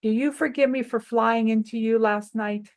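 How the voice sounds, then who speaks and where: A woman's voice: a little high, steady tone, normal speed, a little mellow, lightly acted. A woman voicing Zippy, a small friendly flying character asking a friend for forgiveness in a children's lesson. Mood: apologetic.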